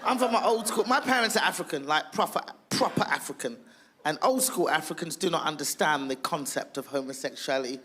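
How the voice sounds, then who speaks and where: Woman doing standup, loud brash and sweary, bright sharp voice, acts out bits. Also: low voice, lively intonation, fairly quick, slight background noise. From England. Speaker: stand-up comedian. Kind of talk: stand-up comedy.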